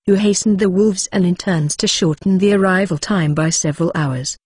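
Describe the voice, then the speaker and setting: A woman narrating a web novel audiobook in an even, steady reading tone. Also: lowish voice, normal speed, husky, dry recording, clean studio sound.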